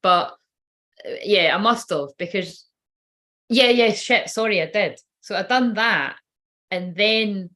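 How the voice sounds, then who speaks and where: A woman's voice: mid-range voice, takes it slowly, long pauses, sharp tone. A woman telling a personal story in a casual, rambling way, swearing freely and laughing often. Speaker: spiritual reader.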